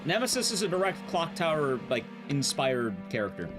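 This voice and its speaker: Man chatting to stream chat, lively. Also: on the high side, moderate pace. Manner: rambling, profane, talks to chat. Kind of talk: casual live-stream commentary while gaming. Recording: game music behind.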